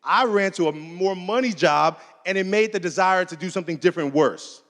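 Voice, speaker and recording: A man's voice: high voice, fairly quick. A man giving a keynote talk, telling a personal story in a casual, conversational way and acting out the dialogue. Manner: animated, acts out dialogue in different voices. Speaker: keynote speaker. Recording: long hall reverb.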